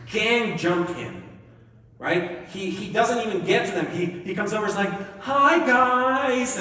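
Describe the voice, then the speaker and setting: A man preaching a lively, conversational sermon, joking and acting out the characters as he tells the story. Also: sits high. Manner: animated and jokey, acting out voices, laughs often. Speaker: pastor. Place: church sanctuary. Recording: echoey hall, distant mic.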